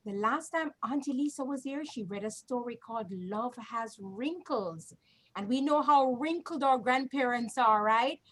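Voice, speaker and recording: Chatty woman storyteller, higher voice. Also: normal speed. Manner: chatty, draws listeners in with "right?". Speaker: co-host and storyteller. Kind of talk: warm reminiscing chat.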